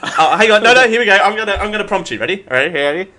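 A man's voice: high voice, lively intonation, very fast, pushed and bright. A man, joking and laughing as a podcast co-host in casual banter. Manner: playful, laughing.

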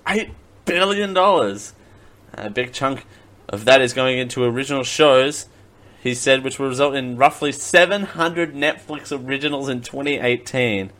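A man's voice: mid-range voice, normal speed, a bit bright. A man hosting a casual comedic live stream, laughing often and making silly mouth sound effects. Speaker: live-stream show host.

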